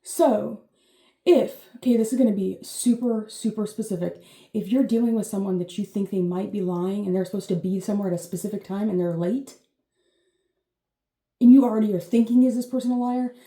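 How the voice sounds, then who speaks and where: Mellow, chatty woman in a roomy space. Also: mid-range voice, steady tone, fairly quick. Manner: chatty, meandering, full of fillers, swears playfully. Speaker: channel host giving intuitive readings. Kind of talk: casual rambling live reading. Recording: roomy echo with faint noise.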